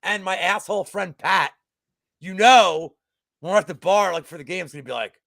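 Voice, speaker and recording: A man co-hosting a casual sports betting chat, profane and excitable, swinging from loud outbursts to mumbling, just getting over a cold. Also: high voice, normal speed, vocal fry, dry recording, studio quality. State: recovering from a cold. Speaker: co-host.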